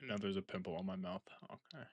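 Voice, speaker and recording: A man's voice: deep voice, fast. A young man giving casual gameplay commentary, slangy and prone to exasperated outbursts between muttered asides. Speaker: gamer.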